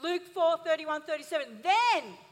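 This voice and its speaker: A woman pastor with a very high voice preaches with emphatic, rising energy, drawing responses from her listeners. Her voice rings out in a long church-hall reverb. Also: expressive, moderate pace. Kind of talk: sermon.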